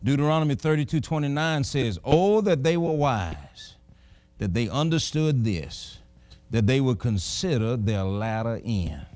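A middle-aged man preaching a sermon, telling folksy stories in an animated way. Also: medium pitch, dry recording.

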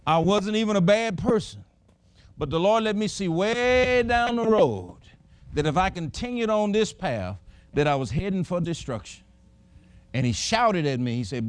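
A middle-aged man preaching a sermon, telling folksy stories in an animated way. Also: high voice, normal speed, smooth, no echo.

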